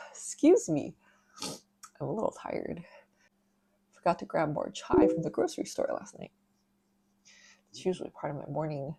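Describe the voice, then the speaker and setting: A woman's voice: fairly low pitch, creaky, dark tone, slightly rough. A woman hosting a children's show, teaching letter sounds in a playful, sing-song way. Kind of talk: playful phonics lesson for young children.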